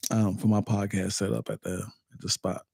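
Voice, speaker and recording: A man's voice: lowish voice, level tone, moderate pace, creaky, warm tone, slightly rough, no echo, studio quality. A man in casual chat as a guest comedian, laid-back and agreeable.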